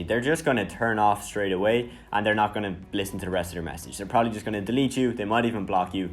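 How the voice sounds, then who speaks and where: A man in his twenties, from Ireland, giving a casual, energetic marketing lesson and often asking "right?". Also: fairly low pitch, fast, hardly any pauses, faint music behind. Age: 20s. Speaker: marketing coach. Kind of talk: casual instructional talk.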